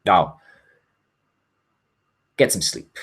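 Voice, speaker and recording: A man's voice: drawn-out words, a bit bright. A man voicing a courteous river boat captain in a tabletop role-play, polite with a faintly patronizing edge. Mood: reassuring.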